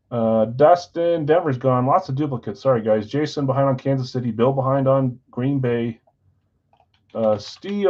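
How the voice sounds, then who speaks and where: A man runs a live card break, casually and warmly calling out names and teams in a roll-call while muttering asides to his stream. His mid-range voice has a darkish tone, and the audio sounds dull.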